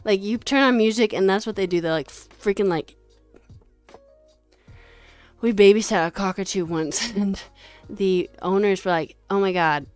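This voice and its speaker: A woman streamer chatting casually with her viewers while coding, animated and chatty, with lots of fillers and some swearing. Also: medium pitch, measured pace, pauses often, dry recording, faint music behind. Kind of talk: casual livestream chat with viewers.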